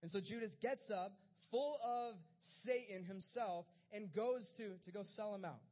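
A man's voice: high voice, a little slow, a little mellow. A man preaching a casual, conversational sermon, retelling scripture and acting out the disciples' lines in everyday speech. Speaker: pastor.

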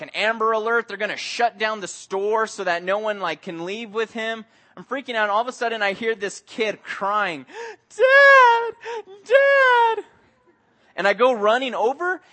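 A man preaching a sermon, telling stories in a lively way and acting out the voices in them. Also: sits high. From Mexico. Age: adult with young son. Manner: animated storytelling, acts out voices. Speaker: pastor.

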